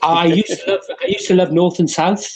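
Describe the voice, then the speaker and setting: A man running a tabletop game as game master, chatting with his players and often pausing with "uh" and restarting his sentences. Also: sits high, fairly even intonation, a crowd in the background, rough recording.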